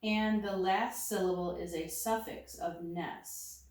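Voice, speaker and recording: A woman teacher explains a phonics exercise one step at a time, slow and methodical. Her voice sits a little low. She sounds set back from the mic in a very echoey room. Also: fairly even intonation, a little mellow, recorded from a distance. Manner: slow, methodical, talking through each step aloud.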